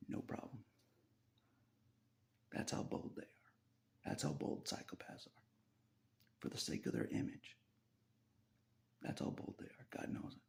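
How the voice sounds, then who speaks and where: Gravelly half-whispering man venting. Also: medium pitch, a little mellow. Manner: profane, repeats himself, laughs between lines. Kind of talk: rambling personal monologue.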